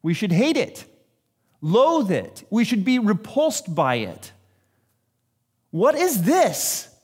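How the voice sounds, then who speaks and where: A man's voice: sits high, wildly swooping pitch, slow pace, a little mellow, breathy edge. A man giving a sermon in a conversational, self-deprecating way, acting out what people say. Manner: conversational, self-deprecating preaching with acted-out quotes. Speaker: pastor.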